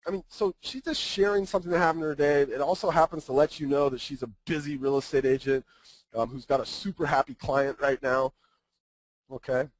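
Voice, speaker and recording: A man's voice: fairly high pitch, fairly even intonation, fairly quick, dry recording, rough recording. A man giving a casual webinar presentation, talking conversationally and often checking in with his listeners.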